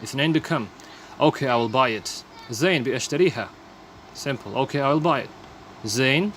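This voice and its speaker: Fast-talking man teaching vocabulary. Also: mid-range voice, a bit bright, slight background noise. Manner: repeats phrases, explains each word plainly. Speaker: language teacher. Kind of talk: casual vocabulary lesson.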